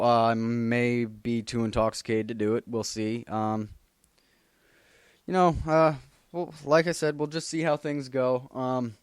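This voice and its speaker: A man's voice: medium pitch, clear, resonant tone, no room sound, clean studio sound. A man chatting casually about comics, rambling with heavy swearing and lots of fillers. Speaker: comic book vlogger. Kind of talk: casual chat.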